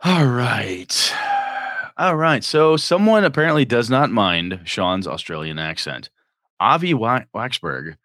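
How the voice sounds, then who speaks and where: A man's voice: mid-range voice, expressive, slow pace, fairly bright tone, no room sound, studio quality. A man co-hosting a podcast, chatting casually and rambling about role-playing games as he thinks aloud. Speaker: podcast co-host.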